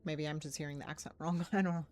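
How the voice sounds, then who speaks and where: A woman's voice: sits low, steady tone, quick pace, darkish tone. A woman streaming a game, chatting casually and reacting aloud to what happens on screen.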